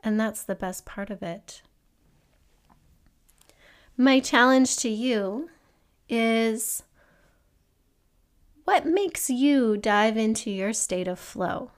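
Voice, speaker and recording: A woman's voice: extremely slow, pauses often, clean tone. Woman hosting a reflective solo podcast. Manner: earnest, gently encouraging, asks the listener questions; acts out an excited child in a higher voice. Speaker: podcast host.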